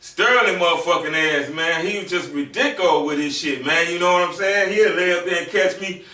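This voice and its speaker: Laughing high-voiced man telling stories. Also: fairly quick, far from the mic. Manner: laughs often, swears heavily, acts out people in the story. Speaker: podcast host telling stories. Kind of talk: casual storytelling. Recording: roomy, off-mic, with loud music behind.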